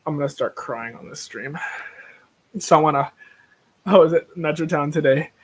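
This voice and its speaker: A tired man talks on a casual livestream, rambling from one thought to the next and turning blunt when he rants. His voice sits a little higher than most men's. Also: moderate pace, husky, rough recording. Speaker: livestream host.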